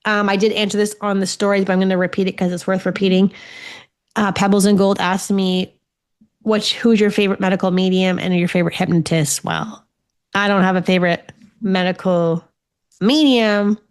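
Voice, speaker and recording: Her voice is mid-range, smooth, and steady, moving at a moderate pace. She's an Ontario woman in her forties who hosts a podcast as a spiritual medium, chatting casually on her own, telling stories and cursing freely.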